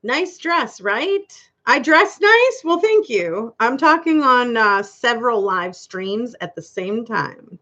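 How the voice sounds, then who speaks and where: Woman host, bright and high-ish, bouncy delivery, giggly, slightly muffled stream audio; casual live-chat read of viewer comments. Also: very animated, slow pace. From Canada. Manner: giggly, chatty, laughs often.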